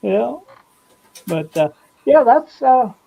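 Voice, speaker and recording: A man chatting casually on a video call, relaxed and rambling. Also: very high voice, slow pace, gravelly, slightly rough, poor audio. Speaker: guest. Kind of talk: casual chat.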